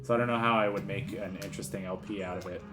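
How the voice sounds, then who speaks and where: A man's voice: deep voice, steady tone, rapid-fire, music in the background. A man giving casual gameplay commentary as a let's player, rambling and joking, with silly voices thrown in.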